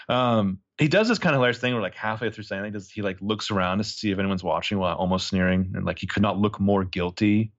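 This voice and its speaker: A man chatting casually on a podcast, retelling a TV episode scene by scene. He keeps jumping into the characters' lines with animated put-on voices. His voice sits on the low side and the recording sounds a little dull. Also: fast talker. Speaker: podcast co-host recapping a TV episode.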